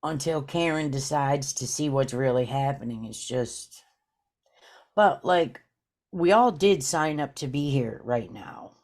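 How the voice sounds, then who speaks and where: Brief: woman guest, casual spiritual chat, very low pitch, slow and meandering. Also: lively intonation, darkish tone. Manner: rambling, many "you know" fillers. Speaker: podcast guest.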